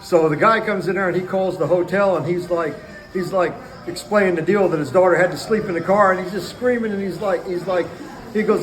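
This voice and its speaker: Rambling high-voiced man telling stories. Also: a little fast. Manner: rambling, laughs often mid-story. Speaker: show host. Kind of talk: casual storytelling. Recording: roomy echo.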